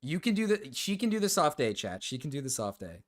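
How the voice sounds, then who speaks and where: Loud joking male streamer. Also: fairly high pitch, big pitch swings, brisk. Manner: loud, joking, swears a lot. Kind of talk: casual live-stream banter.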